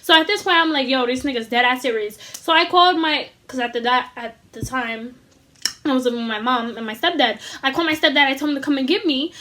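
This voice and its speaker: A young woman tells a casual storytime in a high voice, animated and full of slang and swearing. She acts out what everyone said as she goes. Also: quick pace. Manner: acts out dialogue in quoted voices. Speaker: vlogger.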